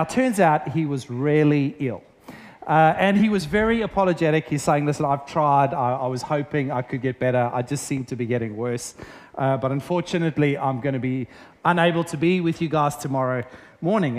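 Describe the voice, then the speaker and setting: A man in his thirties preaching a sermon, telling stories in a chatty, self-deprecating way. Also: fairly high pitch. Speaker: pastor.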